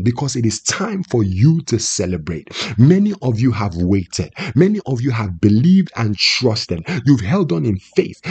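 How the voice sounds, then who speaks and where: Husky preacher man, lively emphatic delivery. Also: medium pitch. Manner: emphatic, repeats phrases and asks the listeners questions. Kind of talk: prophetic sermon.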